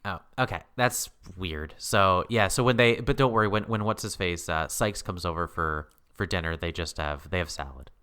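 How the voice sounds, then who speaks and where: A man co-hosting a podcast in casual chat, animated and laughing often, jumping high when he quotes himself. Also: normal speed, hardly any pauses, clean tone. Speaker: podcast co-host.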